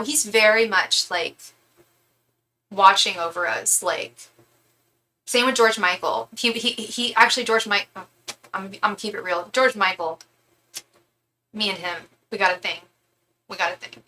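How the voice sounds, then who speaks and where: Young woman, bright and chatty, livestream host, gushes, restarts a lot, webcam mic at home. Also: medium pitch, slight background noise, low-quality recording. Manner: chatty and gushing, many fillers and restarts. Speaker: tarot reader and psychic livestream host. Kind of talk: casual livestream chat reading comments.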